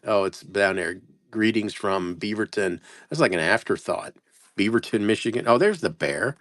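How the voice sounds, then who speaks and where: A man's voice: on the low side, normal speed, a bit bright, dry recording, clean studio sound. A man running a casual live sales stream, reading out place names and stumbling over how to say them, self-mocking. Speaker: live-stream postcard seller.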